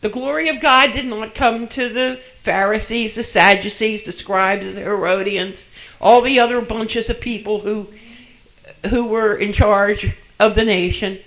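An older man preaching a sermon in a church, emphatic, with soft dropped asides and repeated phrases. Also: high voice, steady tone, a little slow, low-quality recording.

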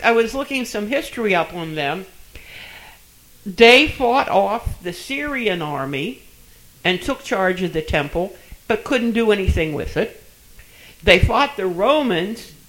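An older man preaching a sermon in a church, emphatic, with soft dropped asides and repeated phrases. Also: high voice, creaky, poor audio.

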